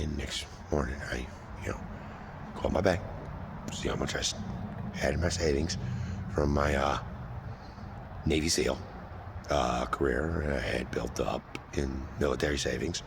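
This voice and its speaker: Deep-voiced man telling a rambling story. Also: moderate pace, vocal fry, long pauses, fairly bright tone, long reverb tail, a little hiss or hum. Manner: rambling, repetitive, with heavy fillers and frequent swearing. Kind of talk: personal storytelling.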